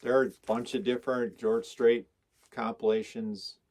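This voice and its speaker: A man talking casually about his records at a mid pitch. He rambles along with enthusiasm and stops to list song titles as he goes. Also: little pitch movement, moderate pace, a little mellow. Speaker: record collector vlogger. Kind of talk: casual chat showing records.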